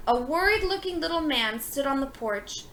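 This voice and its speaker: A woman reading a picture book aloud in a lively, expressive manner. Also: sits high, normal speed, a little hiss or hum, low-quality recording. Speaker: storybook reader.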